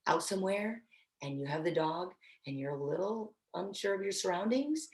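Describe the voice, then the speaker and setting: A woman's voice: fairly low pitch, animated, moderate pace, a little mellow, roomy sound. A woman instructor teaching dog training in a casual, encouraging way, often restarting her sentences. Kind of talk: online training class.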